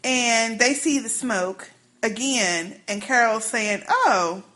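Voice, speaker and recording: A woman co-hosting a podcast, recapping a TV episode in casual chat, telling it with lively, animated quotes and free swearing. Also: a little high, takes it slowly. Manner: animated storytelling, acts out quotes, swears freely. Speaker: podcast co-host.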